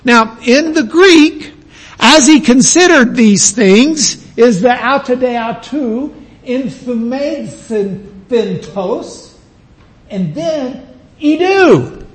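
A man preaching a sermon to a congregation, teaching at an easy pace and bursting into loud shouted exclamations for emphasis. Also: very high voice, lively intonation, slow, slightly rough, rough recording. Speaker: pastor.

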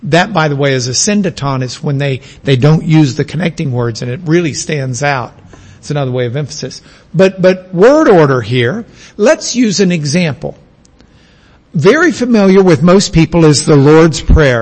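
Slow-talking high-voiced man lecturing. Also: big pitch swings. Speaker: teacher. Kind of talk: classroom lecture on Greek.

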